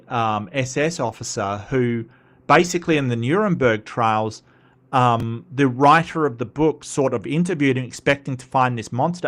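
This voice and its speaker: A man's voice: mid-range voice, fairly bright tone. A man from Western Australia with an Australian accent, hosting a casual livestream and chatting with viewers in a rambling way full of asides. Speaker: host reading live chat.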